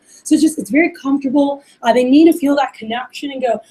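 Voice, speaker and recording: A woman's voice: sits high, fast talker, few pauses, warm tone, rough recording. A woman running a workplace training session for receptionists, chatting casually and acting out sample phone calls. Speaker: office manager training receptionists.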